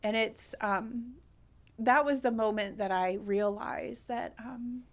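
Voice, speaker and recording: A woman guest on a podcast sharing a personal testimony in an earnest, heartfelt, soft-spoken way. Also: fairly high pitch, slow pace.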